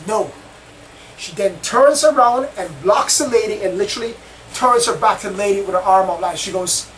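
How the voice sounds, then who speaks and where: A man with a high voice tells a story in the first person, rambling and repeating himself as he goes. He sits some way from the mic, and faint noise hums behind him. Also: moderate pace, far from the mic, poor audio. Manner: rambling, repetitive retelling. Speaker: channel host.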